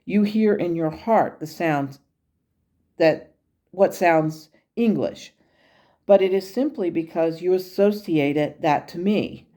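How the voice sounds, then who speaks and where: A patient male spirit guide, as a woman relays him in her own low, mellow voice. He speaks in a measured, gently instructive way, explaining things plainly and evenly. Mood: calm.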